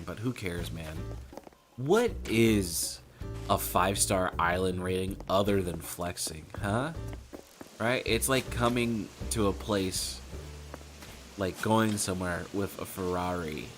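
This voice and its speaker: A man's voice: deep voice, lively intonation, measured pace, music in the background. A man chatting casually while playing a game, rambling with self-mocking jokes and asides. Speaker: gaming streamer.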